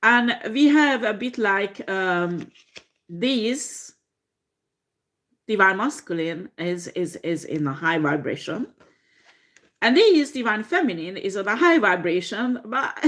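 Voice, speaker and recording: A woman tarot reader talking slowly and unhurriedly, with a voice at an ordinary middle pitch. She swears often, breaks into laughter and fills her pauses with ums and uhs. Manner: profane, laughing, animated storytelling with frequent fillers. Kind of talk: tarot reading monologue.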